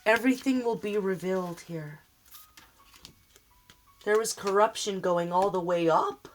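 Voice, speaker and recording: A woman's voice: mid-range voice, slight background noise. A woman giving a tarot reading, speaking earnestly and emotionally straight to the viewer. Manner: slow, emotional, earnest, addressing the viewer directly. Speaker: tarot reader.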